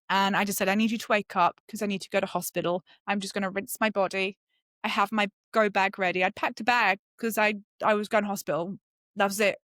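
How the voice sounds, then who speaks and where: A middle-aged British woman, a podcast guest, telling a personal story in a lively way and acting out the voices she quotes. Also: dry recording, clean studio sound. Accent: British English. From Britain. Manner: lively, acts out quoted voices with sudden high jumps. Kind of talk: animated storytelling.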